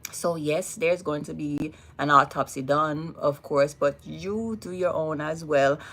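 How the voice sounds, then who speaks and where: A woman's voice: deep voice, gravelly, fairly bright tone. A woman with a Jamaican accent hosting a casual livestream, talking emphatically and repeating words for weight. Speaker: livestream host.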